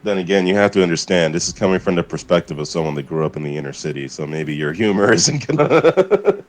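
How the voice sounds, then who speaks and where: Low-voiced man in rambling streamer chat. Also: sing-song, quick pace. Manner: rambling, profane, laughing often, many fillers. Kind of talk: casual chat.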